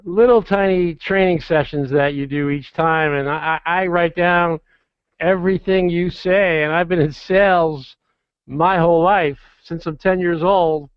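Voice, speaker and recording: A man's voice: a little high, steady tone, unhurried, clear, resonant tone, no echo. Effusive man hosting a webinar. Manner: effusive, gushing praise, run-on sentences. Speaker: company CEO hosting a webinar. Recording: somewhat dull, dry webinar audio.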